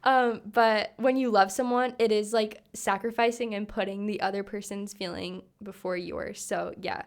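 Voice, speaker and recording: A woman's voice: mid-range voice, steady tone, moderate pace. A young woman co-hosting a podcast, chatting casually with many fillers. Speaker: podcast co-host. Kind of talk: casual chat.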